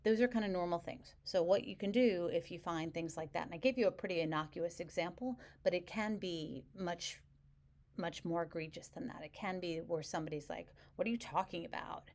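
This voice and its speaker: A middle-aged woman talks straight to camera as a couples coach, calm and even in her delivery. Her voice sits a little low, and she slips into short example lines to show how a partner might sound. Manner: calm, measured, explains with acted example phrases. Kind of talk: direct-to-camera advice video.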